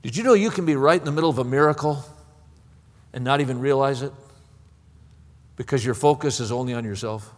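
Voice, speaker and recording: A man's voice: medium pitch, a little fast, pauses often. A man preaching a sermon in an impassioned way, often stammering and repeating words. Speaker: pastor. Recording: long hall reverb.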